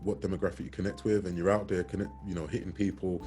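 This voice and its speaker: A man hosting an interview, asking relaxed, open questions. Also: low voice, fast talker, faint music behind. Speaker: interview host.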